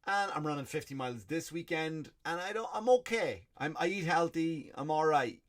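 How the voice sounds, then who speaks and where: An Irish man hosting a comedy podcast, delivering a profane, animated rant in a stand-up style. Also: a little high, normal speed. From Ireland.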